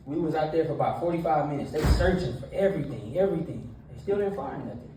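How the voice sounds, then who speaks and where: A man in his thirties preaching a casual, animated storytelling sermon that is full of laughs, with a nervous edge. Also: medium pitch, fast, few pauses, background noise. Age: 30s. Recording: echoey room from a distance.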